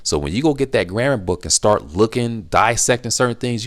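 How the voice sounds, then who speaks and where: A man's voice: on the low side, brisk, few pauses. A middle-aged man hosting a casual question-and-answer video, giving emphatic advice that he repeats for stress. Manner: emphatic, repetitive, animated when acting out reactions. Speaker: language-learning channel host.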